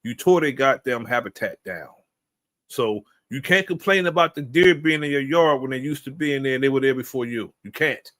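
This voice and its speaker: A man's voice: mid-range voice, normal speed, a bit bright. A man giving casual commentary, blunt and ranting, with swearing.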